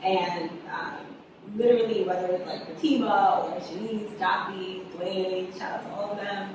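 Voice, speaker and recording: Speaking at normal speed in a mid-range voice, this young writer-director chats casually as an interview guest. She's an animated storyteller who acts out quotes and laughs a lot. Distant mic, echoey room, and background noise mark the recording.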